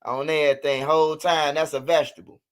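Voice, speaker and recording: A man's voice: a little high, little pitch movement, fast, clear, resonant tone. Profane, rambling man chatting on stream. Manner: loose, profane storytelling. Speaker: livestream host. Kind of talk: casual livestream chat.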